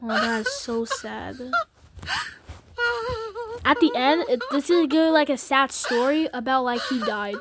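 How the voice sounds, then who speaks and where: Woman, slightly high voice, slow drawn-out delivery, gameplay commentary, jumpy reactions. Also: heavy background noise. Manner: excitable, gasping and squealing at scares. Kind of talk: let's-play commentary reading game dialogue aloud. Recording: loud game music over the voice.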